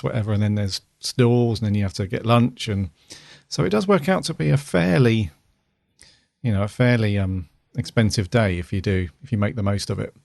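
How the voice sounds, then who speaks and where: A man's voice: fairly low pitch, vocal fry, darkish tone, no echo, clean studio sound. A middle-aged man co-hosting a podcast, rambling casually with lots of fillers and restarts. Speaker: podcast co-host. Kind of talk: casual chat.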